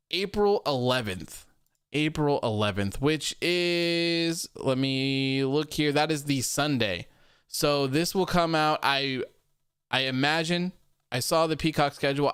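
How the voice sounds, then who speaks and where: A young man hosts a casual livestream and greets viewers in a loose, rambling way, full of fillers and repeated phrases. His voice sits a little high and comes across smooth and clear. The sound is dry, with no room echo. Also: fairly bright tone. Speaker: host of a wrestling post show livestream. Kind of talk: casual livestream chat, reading viewer comments.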